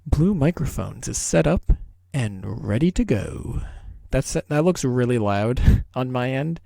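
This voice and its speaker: A man's voice: mid-range voice, animated, a little slow, vocal fry, dark tone, no echo. A young man rambling casually and swearing as he unboxes and sets up a microphone at home. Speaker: video creator. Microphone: desk microphone being set up.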